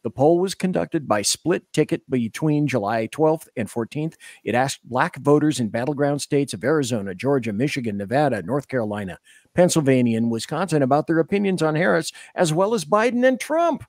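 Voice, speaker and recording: A man's voice: on the high side, lively intonation, fairly quick, darkish tone, no echo, clean studio sound. A man on a political panel, reading a news article aloud in a casual way.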